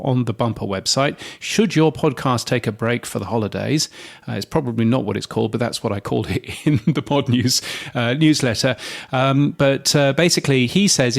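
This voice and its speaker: A man co-hosting a podcast, chatting casually and filling pauses with ums and uhs. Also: medium pitch, vocal fry. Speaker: podcast co-host.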